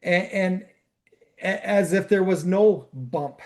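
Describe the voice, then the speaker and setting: Man, podcast co-host, steady explanatory talk, rhetorical questions, slightly high voice. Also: slow. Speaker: real estate podcast co-host. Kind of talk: casual podcast chat.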